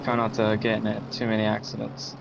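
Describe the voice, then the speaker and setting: A man's voice: lowish voice, monotone, fast talker, vocal fry, dull audio, heavy background noise. A teenage boy, a sim racing driver, giving brief, hesitant answers with ums in an interview. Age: teens.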